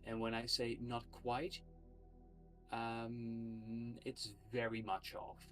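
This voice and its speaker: Slow, hesitant game master; mid-pitch voice; faint music bed behind. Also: completely flat delivery, a bit bright. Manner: slow and halting, with many "uh" pauses. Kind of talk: narrating a tabletop game on a livestream.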